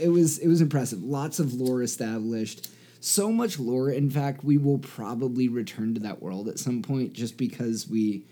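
A relaxed man co-hosting a podcast in casual chat. His voice is mellow and dark at an ordinary pitch. He laughs easily and keeps the talk friendly. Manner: easygoing, laughs readily. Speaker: podcast co-host.

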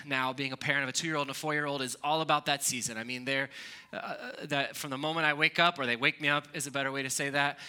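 A man, preaching a sermon in a conversational, animated storytelling way. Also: a little high. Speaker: pastor.

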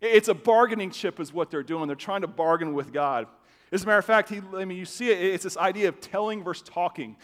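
Male pastor, slightly high voice, casual animated sermon delivery, long church reverb. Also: fast. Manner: conversational, animated, with stammered restarts. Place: church sanctuary.

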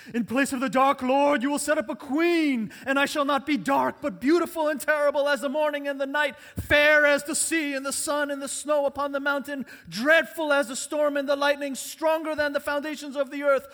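A man voicing a proud, tempted elven queen, declaiming grandly and swelling to loud. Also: very high voice, voice pushed up. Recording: long hall reverb.

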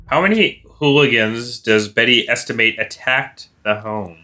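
Bright-voiced man reading quiz questions. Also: medium pitch, a little slow, soft background music. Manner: laughs often, teasing. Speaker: podcast co-host, quizmaster. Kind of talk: casual quiz chat.

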